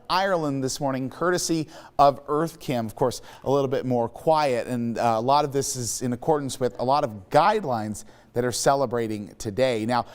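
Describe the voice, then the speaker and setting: Guy anchoring morning news, upbeat chatty, voice swings up and down a lot, middle pitch.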